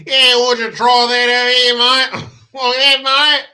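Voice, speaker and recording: A man's voice: very high-pitched, level tone, slow pace, bright, forceful tone, voice pushed up, full character voice. A man putting on a mock Australian accent to play a crude, swaggering bloke who ends every line with "mate", in a podcast commentary. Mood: mocking, loud. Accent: put-on Australian. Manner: mocking, tacks on "mate" constantly.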